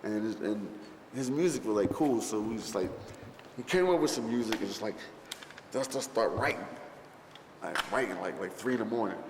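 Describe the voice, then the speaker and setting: A man's voice: fairly low pitch, lively intonation, moderate pace, long pauses. Rambling, profane man in a roomy space. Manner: rambling, profane, filler-heavy storytelling. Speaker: rapper recalling a film shoot. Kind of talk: interview reminiscence. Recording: roomy space with long reverb, faint background noise.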